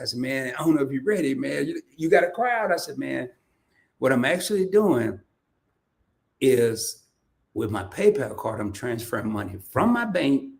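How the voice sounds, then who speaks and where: A man's voice: mid-range voice, normal speed, creaky. A man from Arkansas, hosting a casual livestream and telling stories with laughs and lots of restarts. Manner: animated storytelling with laughs and repeated restarts. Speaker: host.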